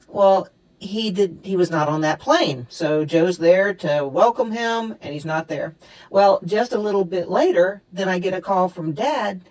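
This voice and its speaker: A woman's voice: on the low side, unhurried, poor audio. Woman in her fifties telling memorial stories. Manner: warm storytelling with frequent laughter. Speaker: eulogy speaker. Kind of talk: memorial storytelling. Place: fellowship hall.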